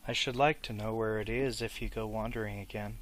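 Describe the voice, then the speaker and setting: A man's voice: lowish voice, lightly acted. A man voicing a grave old wizard. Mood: firm. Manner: calm, quiet and deliberate.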